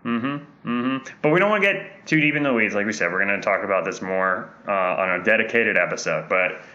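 A man co-hosting a podcast in casual, joking chat with deadpan asides. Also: on the low side, a little fast, reverberant, dull audio. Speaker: podcast co-host.

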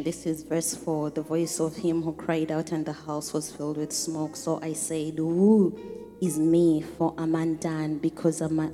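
A woman preacher speaks slowly and deliberately, her low, mellow voice carrying a long reverb through a church hall. Faint music sits underneath as she reads scripture and moves into fervent prayer. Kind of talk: sermon with prayer.

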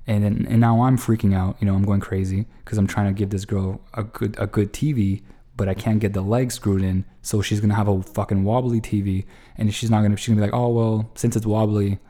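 A storyteller tells a long, meandering anecdote in a casual monologue, swearing freely and constantly restarting his sentences. His slightly low voice is dark and mellow, and he speaks a little fast, sounding exasperated and animated as he recounts his frustrations.

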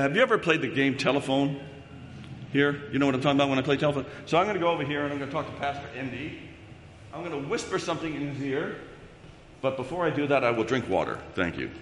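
A man's voice: mid-range voice, a little hiss or hum. A man preaching a sermon as a pastor, talking conversationally and often checking in with the congregation. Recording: long reverb of a large hall.

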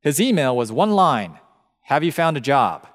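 A man's voice: mid-range voice, normal speed. A man in his thirties giving a camp meeting talk, telling a personal story and acting out the voices of the people in it. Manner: animated storyteller who acts out quoted voices. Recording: long hall reverb.

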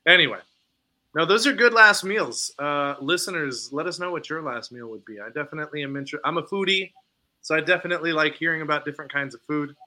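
A man's voice: fairly high pitch, fast talker, sharp tone. A man co-hosting a podcast, chatting casually and laughing often. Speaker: podcast co-host. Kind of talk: casual chat.

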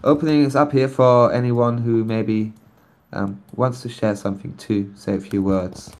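A man who isn't a native English speaker announces a nomination during casual chat on a community voice call, with lots of ums and restarts. His mid-range voice is steady, a little mellow, and moves at a normal speed over an online call microphone.

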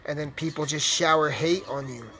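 Young male streamer, foul-mouthed trash-talker, a bit high-pitched, loose rambling commentary. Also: moderate pace, poor audio. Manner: profane, rambling, trash-talking. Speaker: gaming streamer. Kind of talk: casual gameplay commentary.

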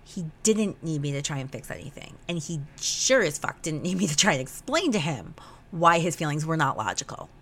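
A woman's voice: low-pitched, a little fast. A young woman hosting a podcast, telling a personal story in a raw, emotional way, often swearing and acting out the conversation. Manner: emotional, swears freely, animated retelling. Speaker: podcast host. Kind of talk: candid personal podcast monologue.

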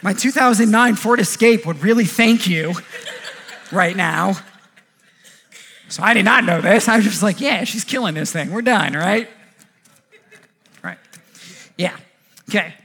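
A man in his thirties preaching a sermon, animated, acting out quoted voices and often repeating words as he goes. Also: high voice, a little slow, long pauses, slight background noise. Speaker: pastor.

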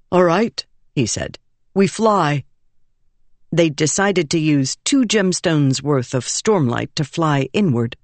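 A woman reading a fantasy audiobook in measured, expressive narration. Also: deep voice, no room sound.

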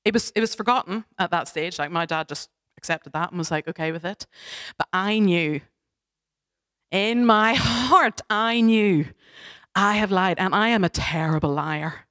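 A young woman giving a sermon, telling a personal story in a chatty, animated, self-deprecating way. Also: lowish voice, brisk, hardly any pauses. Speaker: preacher.

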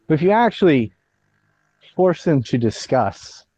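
A man's voice: on the high side, very animated, unhurried, a little mellow, muffled recording. A man hosting a casual political chat, blunt and opinionated, ranting about the news.

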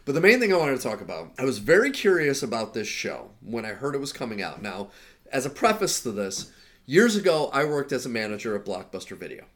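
A man's voice: mid-range voice, big pitch swings, brisk, a bit bright. A man co-hosting a casual podcast, rambling through movie stories and laughing as he retells scenes. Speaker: podcast co-host. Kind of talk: casual chat.

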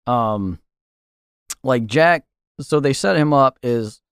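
A man guesting on a podcast, working through his thoughts on a film slowly and thoughtfully. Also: mid-range voice, animated, smooth, no echo, studio quality. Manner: thoughtful, searching for words with fillers and restarts. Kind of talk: casual film discussion.

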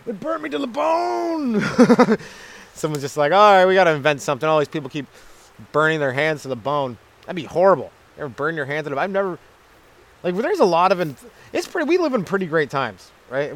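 A young man hosting a rambling solo comedy podcast, crude and self-deprecating, acting out little voices in his asides. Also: a little high. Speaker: stand-up comedian, podcast host. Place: outdoors at a maple syrup camp.

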